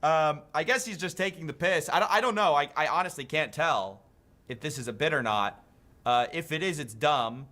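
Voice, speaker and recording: A man's voice: fairly high pitch, animated, a little fast, sharp tone. A man giving mocking, incredulous commentary on an online controversy.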